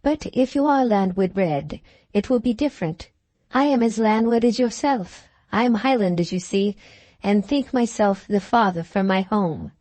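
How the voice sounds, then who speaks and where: A woman reading aloud voices a proud, spirited young Highland girl in an audiobook, lifting her pitch and speaking with a lilt. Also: normal speed, mellow, dry recording, close to an everyday voice. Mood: polite, reserved.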